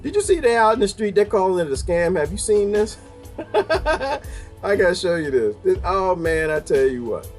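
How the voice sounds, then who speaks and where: Man, rambling wry monologue, slightly high voice, faint music underneath. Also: very animated, moderate pace, a little mellow. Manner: rambling, laughs often, wry. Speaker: video host. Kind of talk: casual monologue to camera.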